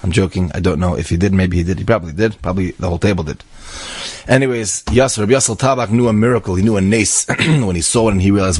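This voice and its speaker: Man, inspirational storyteller, deep voice, dry sound, chatty asides, acts out dialogue. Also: fast, darkish tone, breathy edge, no room sound. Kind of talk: animated religious storytelling.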